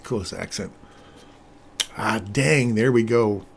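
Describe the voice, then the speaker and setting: A man's voice: on the low side, slow pace, gravelly, a little hiss or hum. An older man hosting a live trading stream, talking casually and chatting with viewers while commenting on charts. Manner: chatty, laughs often, animated when storytelling.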